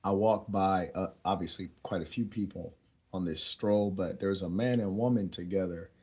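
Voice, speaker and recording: Young male dating coach, low voice, easygoing slang-heavy monologue with chuckles. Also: normal speed, darkish tone, breathy edge. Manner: laid-back, slangy, chuckles often. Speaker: dating advice host. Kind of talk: casual storytelling monologue.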